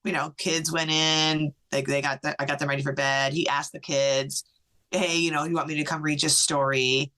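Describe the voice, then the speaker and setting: A middle-aged woman, a podcast guest, tells a personal story in an animated way, acting out what others said, with many "like" fillers. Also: deep voice, normal speed.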